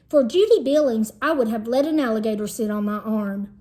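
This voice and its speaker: Teacher lady reading a kids book aloud, high voice, lively storytelling. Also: a little fast. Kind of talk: expressive read-aloud narration.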